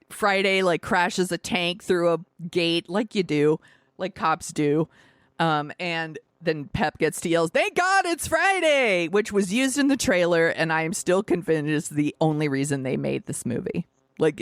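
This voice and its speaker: A woman's voice: low voice, no room sound, studio quality. A woman co-hosting a podcast, chatting casually about a movie, rambling and swearing with lots of fillers and laughs. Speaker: podcast co-host.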